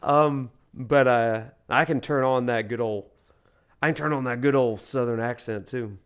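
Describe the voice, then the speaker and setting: A professor from Alabama, USA, streams a video game and chats casually with viewers, rambling and using lots of fillers as he answers them. His mid-range voice has a clean tone and an unhurried pace.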